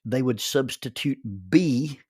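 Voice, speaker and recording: A man's voice: medium pitch, slow, a little mellow, slightly rough, dry recording, studio quality. A middle-aged man telling a personal story in a folksy, chuckling way. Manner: folksy, chuckles through his stories. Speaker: storyteller and minister.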